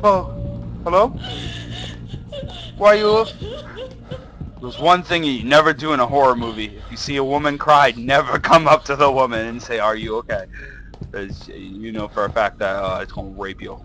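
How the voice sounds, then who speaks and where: A young man commentating a horror game, jumpy and excitable, swearing and shouting when scared. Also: mid-range voice, brisk, low-quality recording. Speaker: gaming video host.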